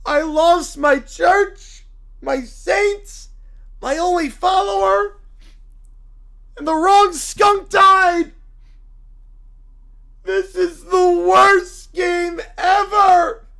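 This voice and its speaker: A woman voicing a furious male bear cult leader who shouts and wails melodramatically. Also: very high-pitched, steady tone, very slow, creaky, pauses often, voice pushed up, full character voice. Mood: despairing.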